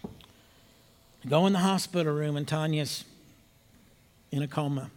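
An older man preaching a sermon, telling a story in a hushed voice and rising to emphatic appeals. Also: on the high side, measured pace. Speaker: pastor.

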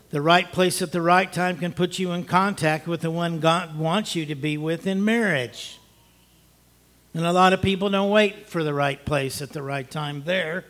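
Preacher guy giving a sermon, bright voice, keeps repeating himself for emphasis. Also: a little high. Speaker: pastor.

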